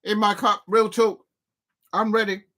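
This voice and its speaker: A man hosting a live football fan channel, reacting excitably as he swings between joking asides and despairing outbursts. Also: high voice, a little slow. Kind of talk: live watch-along reaction.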